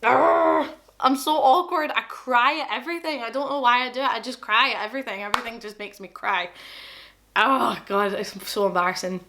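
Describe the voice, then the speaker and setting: A woman's voice: a little high, brisk, background noise. Young glaswegian girl vlogging, chatty and awkward, acts out what people said. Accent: Scottish, Glaswegian. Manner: chatty, self-deprecating, quotes people in dialogue. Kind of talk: casual storytelling to camera.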